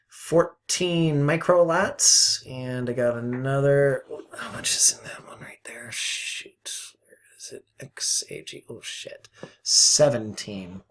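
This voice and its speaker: Animated rambling man trading mentor. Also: mid-range voice. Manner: rambling, self-deprecating, animated swings between mutters and outbursts; mild cursing, folksy phrases. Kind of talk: casual screen-share trading commentary.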